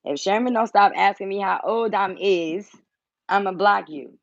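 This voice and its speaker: A woman's voice: medium pitch, normal speed, creaky, no room sound, highs cut off. A woman hosting a casual livestream from home, blunt and teasing, swearing freely as she talks. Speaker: tarot reader and channel host.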